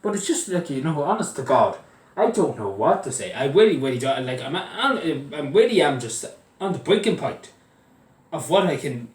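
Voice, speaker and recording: An Irish man in full heated rant, cursing freely and circling back over the same points. His voice moves a lot in pitch as the anger builds. He sounds a little off the mic, with an echoey room around him. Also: sing-song, moderate pace, distant mic. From Ireland. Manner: heated, swearing, repeating himself. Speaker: vlogger. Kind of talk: angry political rant.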